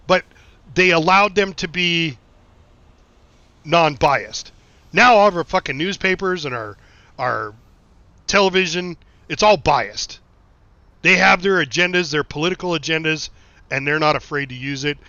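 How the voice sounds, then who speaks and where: A middle-aged man from the United States chatting casually on a game live stream, his voice bright and a touch high. He drifts through rambling stories full of swearing and answers viewers as they come in. The sound is dry and a little dull, like a basic stream mic. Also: no room sound. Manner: rambling anecdotes, frequent swearing and laughing asides. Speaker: game streamer reading chat.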